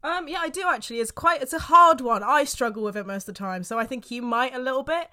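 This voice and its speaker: Bright high-voiced woman co-hosting a podcast, giggly and slangy. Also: quick pace. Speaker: podcast co-host. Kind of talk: casual chat.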